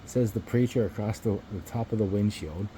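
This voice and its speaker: Mellow low-voiced man telling a rambling story. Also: brisk, slight background noise, low-quality recording. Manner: rambling and profane, chuckling between remarks. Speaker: vlogger. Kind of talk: casual storytelling to camera.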